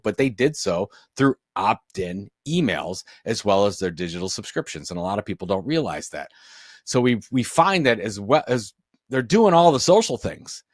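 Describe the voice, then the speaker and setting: A man presenting a business webinar, talking straight to his audience with energetic, emphatic delivery. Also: fairly low pitch, dry recording, studio quality. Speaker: business author and speaker.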